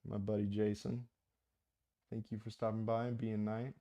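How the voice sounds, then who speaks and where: A man's voice: on the low side, little pitch movement, normal speed, warm tone, no echo. A man hosting his own channel, chatting casually about a book and reading out viewer comments, rambling, joking and getting fired up. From United States. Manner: impassioned, rambling, jokey. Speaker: audiobook narrator and channel host.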